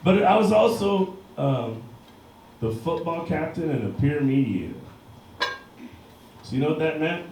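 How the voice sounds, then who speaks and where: A male comedian in his thirties doing a crude stand-up set on a bar stage in front of a live crowd, often shouting his punchlines. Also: a little high, animated, a little slow, long pauses, background noise. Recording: distant mic with heavy bar room echo.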